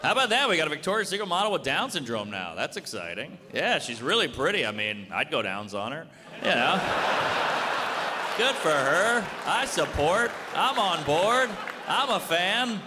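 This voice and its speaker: A man in his thirties doing a stand-up comedy set, with a brash and animated delivery that breaks into shouted punchlines. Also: fairly high pitch, moderate pace, crowd noise. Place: large hall with live audience. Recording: echoey hall, audience noise.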